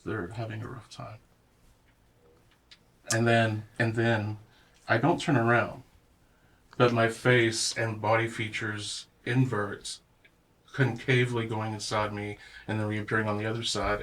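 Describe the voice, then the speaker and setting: A man playing a tabletop role-playing game, giving animated, vivid descriptions of his character. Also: fairly low pitch, measured pace, slight background noise. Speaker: player.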